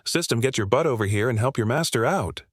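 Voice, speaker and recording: A man's voice: mid-range voice, expressive, fast talker, slightly rough, no room sound, studio quality. A man voicing an arrogant male demon lord villain, with a snappish, boastful manner. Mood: irritable, arrogant.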